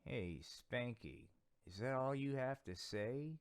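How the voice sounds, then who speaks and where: A man voicing a patient grown-up puppet mentor who lectures gently in a comedy puppet sketch. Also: medium pitch, animated, takes it slowly, gravelly, clear, resonant tone.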